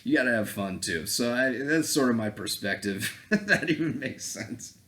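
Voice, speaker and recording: A man's voice: mid-range voice, animated, moderate pace, sharp tone. A man vlogging as a dating coach in a casual, profane rant, blunt and breaking into laughing asides.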